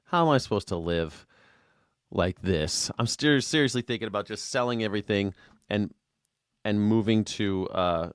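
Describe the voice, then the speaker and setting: A man hosting a live call-in show, rambling and excitable, swearing freely as he talks. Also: on the low side, dry recording, studio quality. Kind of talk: casual call-in chat.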